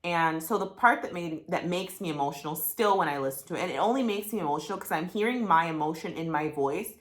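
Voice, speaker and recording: A woman's voice: lowish voice, quick pace. A woman vlogging candidly about a breakup, blunt and profane, heartfelt and full of fillers, growing emotional. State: getting emotional. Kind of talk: candid talking-head vlog.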